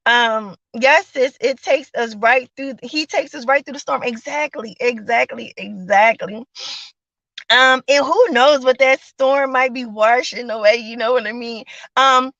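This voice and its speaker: A woman's voice: on the high side, measured pace, fairly bright tone, dry recording, lo-fi sound. A woman hosting a daily devotional livestream, talking in a chatty, encouraging way with lots of fillers and casual slang. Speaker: host of a daily devotional show.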